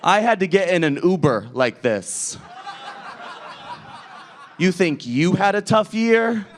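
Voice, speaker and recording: Brash, profane drag comedy host. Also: male voice, high voice, big pitch swings, slow pace, a little hiss or hum. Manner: brash, profane, teasing the crowd. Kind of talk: stand-up crowd work. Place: comedy club stage before a live audience.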